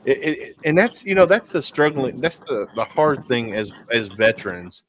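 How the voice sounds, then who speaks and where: A man in his forties, a veteran guest talking casually in an interview, halting and repeating words with many fillers. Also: medium pitch, sing-song, a bit bright, slight background noise. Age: 40s.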